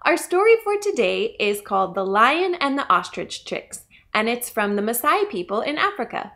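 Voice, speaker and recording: A woman's voice: fairly high pitch, moderate pace, gravelly. A woman telling a story to children at a library story time, speaking to them directly. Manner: bright, animated, addresses children.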